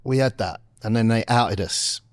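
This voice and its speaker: A man's voice: lowish voice, normal speed, no room sound, clean studio sound. A man co-hosting a podcast, laddish and confident, calling everyone mate. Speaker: podcast co-host. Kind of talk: casual chat.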